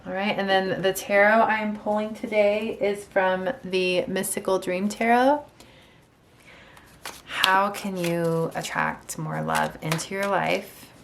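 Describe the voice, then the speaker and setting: A woman giving a casual tarot reading on video, chatty and gentle, with many ums and restarts. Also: mid-range voice, steady tone, slow pace, vocal fry, slight background noise. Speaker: tarot reader. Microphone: camera mic.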